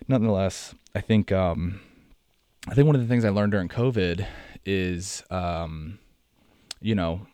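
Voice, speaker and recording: A man's voice: sits low, unhurried, warm tone, clear, resonant tone, no echo. A young American man hosting a podcast, talking in a rambling, chatty way and often correcting himself. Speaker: podcast host. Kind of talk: casual monologue.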